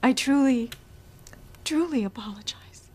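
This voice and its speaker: A woman playing a measured, guarded society woman in a TV soap opera. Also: high-pitched, a little mellow, breathy edge.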